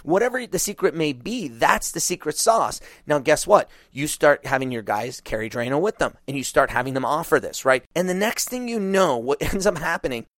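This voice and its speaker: A man coaching small business owners, talking animatedly and acting out what clients say in quick asides. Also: a little high, expressive, fairly bright tone, dry recording, studio quality.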